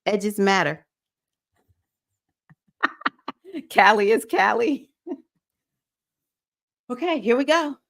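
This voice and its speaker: A woman, hosting a spiritual livestream circle, chatting with viewers and breaking into sudden high whoops. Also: animated, drawn-out words, long pauses, a bit bright. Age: 50s.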